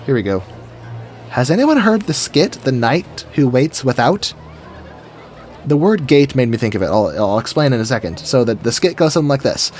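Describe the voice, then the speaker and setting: A man's voice: medium pitch, lively intonation, normal speed, darkish tone, slight background noise. A man giving casual, goofy commentary while building in a game, chatting to himself as he goes. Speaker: gaming video creator. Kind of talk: casual let's-play commentary.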